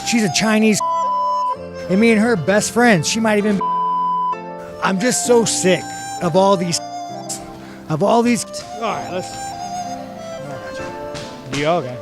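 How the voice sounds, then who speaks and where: A man's voice: sits high, slow, pauses often. A man joking crudely in casual chat. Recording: music clearly behind voice.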